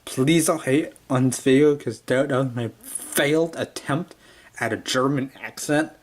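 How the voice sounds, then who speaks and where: A man's voice: mid-range voice, a little slow. A man casually reviewing a toy, rambling with lots of fillers and restarts. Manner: rambling, full of "yeah" and "kinda".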